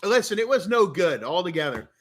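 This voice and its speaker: A man's voice: sits high, sing-song, fairly quick, breathy edge. A man with a Canadian accent telling a long, rambling story in a casual rant, swearing often and talking with a lot of animation. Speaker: streamer.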